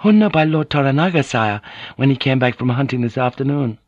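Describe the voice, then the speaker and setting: A man reading an audiobook, voicing a polite, anxious young noblewoman in a soft, soothing, deferential way. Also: medium pitch, lively intonation, brisk, dry recording, muffled recording, pitched above the performer's own voice, natural voice.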